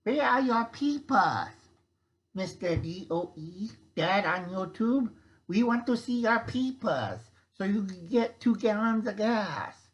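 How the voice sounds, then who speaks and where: A man's voice: very high-pitched, expressive, slow pace, darkish tone, lo-fi sound, voice pushed up, exaggerated voice. A man voicing a barking male government official who demands papers in a stiff, mock-officious manner. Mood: demanding.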